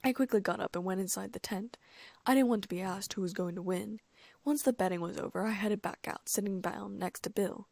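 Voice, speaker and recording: Woman, audiobook narrator, fan fiction, lively storytelling, gravelly, dry close sound. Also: mid-range voice, fairly quick, no echo. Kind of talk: reading fan fiction aloud.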